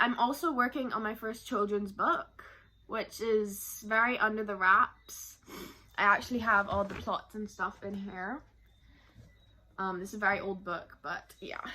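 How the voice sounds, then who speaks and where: In a personal vlog, a young adult woman from Barbados opens up about her life in a rambling, emotional way. She speaks in a mid-range voice that sounds pushed and bright.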